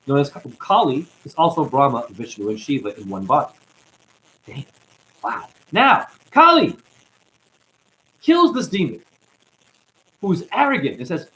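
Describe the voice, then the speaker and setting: Animated man ranting about spirituality. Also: a little high, a little slow, long pauses, rough recording. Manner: ranting, calls listeners honey. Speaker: self-styled spiritual teacher. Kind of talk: impassioned spiritual monologue.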